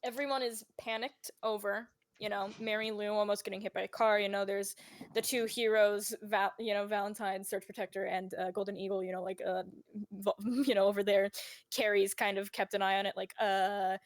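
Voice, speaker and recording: A woman's voice: mid-range voice, flat delivery, brisk. A woman narrating a tabletop role-playing game as game master. She talks casually, swears, and fills her lines with "like" and "you know". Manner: casual and swearing, with lots of fillers.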